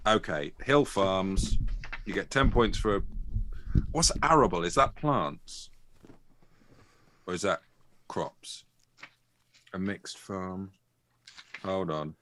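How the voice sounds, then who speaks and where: A man's voice: low voice, lively intonation, slow pace, pauses often, fairly bright tone, slight background noise. A man co-hosting a comedy podcast live stream, wry and musing aloud. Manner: wry, musing, talks to himself. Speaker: podcast co-host and storyteller.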